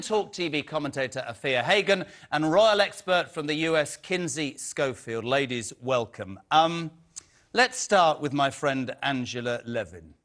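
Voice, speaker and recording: A man's voice: on the high side, fairly bright tone. A man hosting a TV panel debate, asking combative, incredulous questions. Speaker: TV host.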